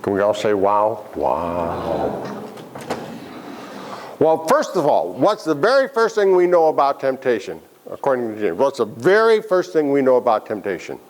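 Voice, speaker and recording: A man's voice: medium pitch, wildly swooping pitch, normal speed, hardly any pauses, slight background noise. A man leading a Bible study class, asking the group questions and making joking asides. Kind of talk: interactive Bible lesson.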